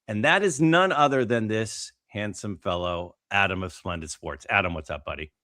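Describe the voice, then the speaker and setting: A man co-hosting a casual podcast, telling stories in an animated way with lots of fillers and restarts. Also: lowish voice, normal speed, no room sound, clean studio sound. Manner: animated, storytelling with many fillers. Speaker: podcast co-host.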